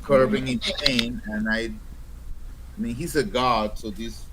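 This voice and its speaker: A man at a tabletop game who talks casually and hesitantly, often starting a thought over. He speaks at an ordinary pitch. A faint noise runs underneath. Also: measured pace, sharp tone, poor audio. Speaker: player.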